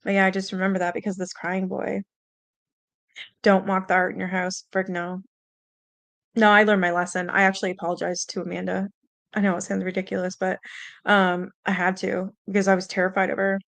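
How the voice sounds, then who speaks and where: A woman's voice: medium pitch, completely flat delivery, a little fast, creaky, a bit bright, no echo. Rambling spooked woman, dry close sound. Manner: rambling, full of fillers and mild swearing; earnest and spooked. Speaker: host. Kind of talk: casual storytelling on a livestream.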